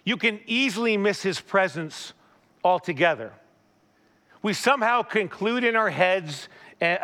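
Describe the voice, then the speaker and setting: Bright, high-voiced male pastor. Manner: animated storytelling, asks the listener questions. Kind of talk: conversational sermon.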